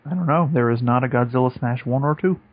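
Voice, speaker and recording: A man co-hosting a podcast in casual chat, rambling and excitable, with some swearing. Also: mid-range voice, quick pace. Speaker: podcast co-host. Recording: dull lo-fi podcast audio.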